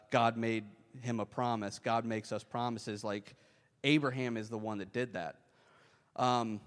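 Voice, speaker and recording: A man preaching a sermon in a conversational way, often jumping up in pitch as he acts out quoted voices. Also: clean tone. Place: church hall. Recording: long hall reverb.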